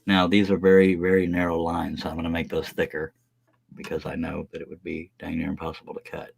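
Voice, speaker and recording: A folksy man talks through his work on a live stream. His voice is very low and flat, and it sounds dry and close to the mic. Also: fast, gravelly, breathy edge, dry recording. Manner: folksy, chatty, says y'all. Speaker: scroll saw pattern maker streaming live. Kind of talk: relaxed live-stream talk while working.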